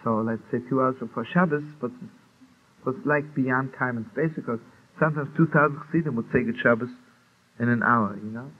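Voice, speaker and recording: A man's voice: medium pitch, brisk. A man telling a Hasidic story, acting out the dialogue and laughing often. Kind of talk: storytelling talk. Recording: tinny lo-fi archive recording with faint hiss.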